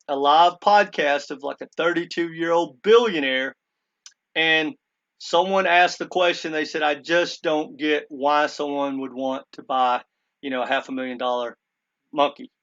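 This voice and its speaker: Fairly high in pitch and fairly bright, the man's voice has its highs cut off. He's a crypto commentator talking casually to viewers, earnestly retelling a story with lots of "he goes" as he quotes someone, and he keeps addressing them as "guys".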